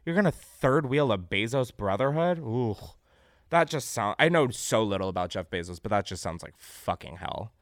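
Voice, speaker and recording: Young male podcast host, sarcastic and foul-mouthed, pitch jumping all over, dry close sound. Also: normal speed, dry recording. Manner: animated, sarcastic, swears freely, breaks into laughter. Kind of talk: casual comedic news chat.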